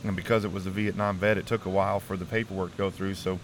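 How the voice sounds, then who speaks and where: A man's voice: deep voice, little pitch movement, fast, slight background noise. A middle-aged man, an interview guest, telling his personal testimony earnestly and emotionally, restarting often and saying "man" a lot.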